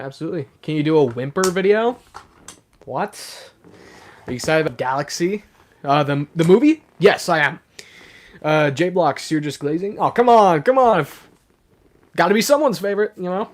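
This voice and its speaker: A young man hosts his live stream, reading chat aloud and talking casually. Being sick has roughened his voice a little. He sits somewhat high in pitch and chatters eagerly with plenty of "um"s. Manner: chatty and excitable, full of fillers. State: sick, voice sounds rougher than usual.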